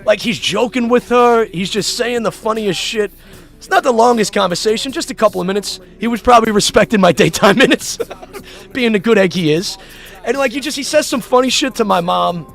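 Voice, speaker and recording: A man livestreaming, telling a story in a casual, animated way with swearing and laughing asides. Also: high-pitched, fairly quick, gravelly, soft background music.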